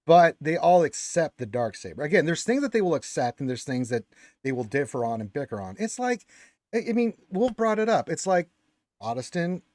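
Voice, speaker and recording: Animated man hosting a lore podcast. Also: fairly high pitch, no echo, clean studio sound. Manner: animated, quick to exclaim, stumbles over words. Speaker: podcast host. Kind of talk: casual chat and reading lore aloud.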